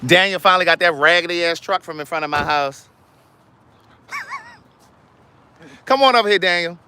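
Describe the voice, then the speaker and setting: A man hosting a casual outdoor livestream, talking directly to his viewers in an animated, chatty way. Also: sits high, unhurried, a little hiss or hum. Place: outdoors in a yard.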